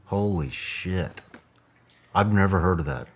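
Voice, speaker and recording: Man, very deep voice, podcast host, astonished, profane. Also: unhurried, breathy edge.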